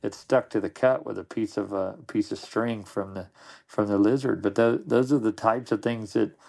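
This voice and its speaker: Gravelly low-voiced middle-aged man. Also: normal speed, a little mellow. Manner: rambling, with frequent restarts and repeated words. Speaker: podcast guest. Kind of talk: casual anecdotal storytelling.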